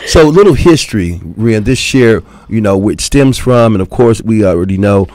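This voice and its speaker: Very deep-voiced man on radio. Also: expressive, normal speed, background noise. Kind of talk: casual radio talk. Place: radio studio.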